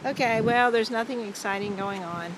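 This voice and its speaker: A woman's voice: on the high side, normal speed, low-quality recording. A woman filming her dog in a windy backyard, talking to it in sing-song baby talk. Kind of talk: casual chat to her dog on camera. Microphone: handheld camera. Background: wind.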